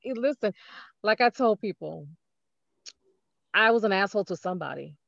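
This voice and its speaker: A woman hosting a podcast in casual conversation, warm and encouraging, laughing along with her guest. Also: mid-range voice, expressive, normal speed, creaky, dry recording, highs cut off.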